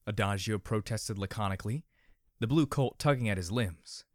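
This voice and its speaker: A man narrating a story in a measured, expressive manner. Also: fairly low pitch, dry recording, studio quality.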